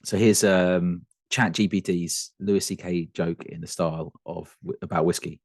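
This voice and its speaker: A man in casual podcast chat about whisky, talking in a fairly low voice. He laughs often and trips over restarts as he goes. The sound is dry and close, with no room around it. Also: steady tone, normal speed, no room sound. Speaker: podcast co-host.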